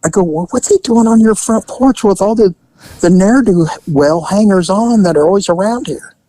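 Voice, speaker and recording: A man hosting a podcast, telling a police story in a relaxed, conversational way and acting out the people in it. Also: sits high, moderate pace, dry recording, poor audio. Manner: animated storyteller who acts out the people in his story. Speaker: podcast host and former police officer. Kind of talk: casual storytelling.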